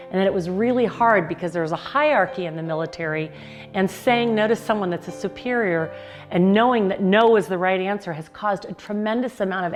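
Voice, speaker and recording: A woman speaks as a life coach in a motivational talk. Her voice sits at an average pitch, and her storytelling is earnest with emphatic pauses. Faint music plays underneath.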